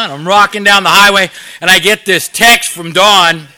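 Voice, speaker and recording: A man's voice: high voice, fairly even intonation, normal speed, hardly any pauses, bright, forceful tone, smooth. A middle-aged man telling a story in a sermon to a recovery group, acting out the dialogue. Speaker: recovery ministry teacher.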